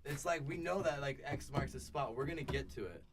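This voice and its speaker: A man's voice: mid-range voice, brisk, crowd noise. A man in a band, talking casually in a radio interview, rambling and groping for words in a laid-back way. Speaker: band musician guest. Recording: distant mic with noise and clicks.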